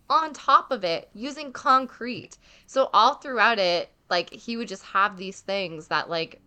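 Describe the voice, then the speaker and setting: A woman's voice: on the low side, clean tone. A young woman telling a travel story in casual chat, full of "like" and acted-out quotes. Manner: chatty, heavy filler "like", animated quoting.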